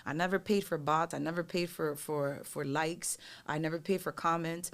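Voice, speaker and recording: A woman, a singer guest on a podcast, telling stories in a casual, animated and profane way, acting out the voices of others. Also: sits low, moderate pace. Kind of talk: casual storytelling chat.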